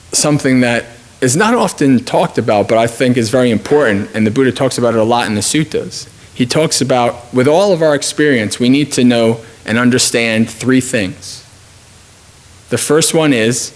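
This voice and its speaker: At a retreat, a man teaching meditation gives a dharma talk, speaking informally and thinking aloud with frequent restarts. His voice is medium-pitched and his pace moderate.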